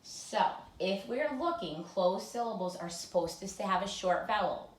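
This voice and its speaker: A woman teacher giving a phonics lesson to children, spelling words out letter by letter and leading drills slowly and clearly. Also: medium pitch, expressive, distant mic. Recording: echoey room with faint noise.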